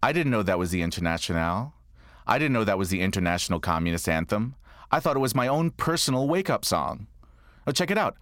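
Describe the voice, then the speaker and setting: A man performing a comic autobiographical monologue, telling stories with lively energy and deadpan asides. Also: lowish voice, fast, no echo, clean studio sound. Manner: animated storytelling with deadpan asides. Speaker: comedic monologuist.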